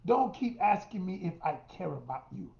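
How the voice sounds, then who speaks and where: A middle-aged male relationship coach delivers a coaching monologue to women, emphatic and direct, calling listeners "y'all" and acting out quotes. His high, gravelly voice has a darkish tone and is very animated at a normal speed. The lo-fi recording sounds roomy and dull.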